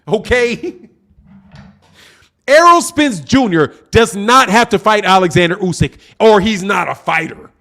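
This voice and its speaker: A man's voice: sits high, expressive, unhurried, sharp tone. A man hosting a live boxing show, reading chat comments and bluntly mocking commenters while repeating his points. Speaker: boxing channel host.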